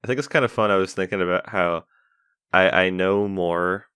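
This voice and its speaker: A man's voice: low-pitched, moderate pace, fairly bright tone, clean tone, dry recording, clean studio sound. A man hosting a casual podcast chat, swearing and joking as he talks. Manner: profane, joking, laughs often. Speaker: podcast host.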